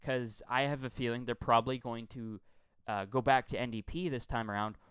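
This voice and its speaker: A man's voice: medium pitch, steady tone, fairly quick, fairly bright tone, clean tone, no room sound. A man from Quebec delivering a heated political rant, blunt and profane, often repeating words as he gets worked up. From Quebec, Canada. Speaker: political commentator.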